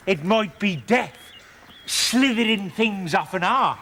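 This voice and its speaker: High, slow, bright-voiced comic man. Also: lively intonation, in a large hall, slight background noise. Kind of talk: absurd comedy monologue.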